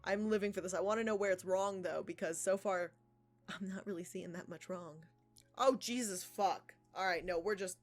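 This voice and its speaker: Profane, sarcastic woman streamer. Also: medium pitch. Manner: profane, sarcastic, laughs often. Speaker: art livestreamer. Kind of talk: casual reaction commentary reading profiles aloud.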